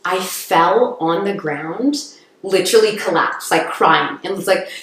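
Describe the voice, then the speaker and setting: An earnest young woman talks in a slightly low voice, encouraging and thoughtful. She sounds like a guest on a podcast. The room around her rings with heavy echo. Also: a little slow. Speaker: guest, actress. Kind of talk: reflective podcast conversation. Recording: echoey room.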